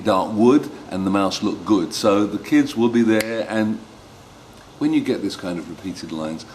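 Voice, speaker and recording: A man's voice: low-pitched, a little hiss or hum. A man demonstrating a children's picture book read-aloud, with playful, musing asides to the viewer. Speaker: storyteller teaching reading aloud. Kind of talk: instructional read-aloud with commentary.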